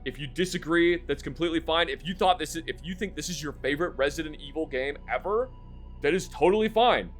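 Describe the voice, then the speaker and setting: A man's voice: fairly high pitch, fast talker, soft background music. A man streaming live, rambling casually about a game he just finished, with lots of fillers and the odd curse.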